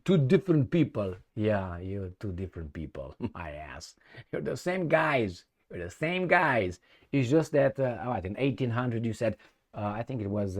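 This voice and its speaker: Rambling low-voiced male commentator. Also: a little mellow. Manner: rambling, with many restarts and bursts of raised emphasis. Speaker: political commentator. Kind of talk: casual opinion commentary.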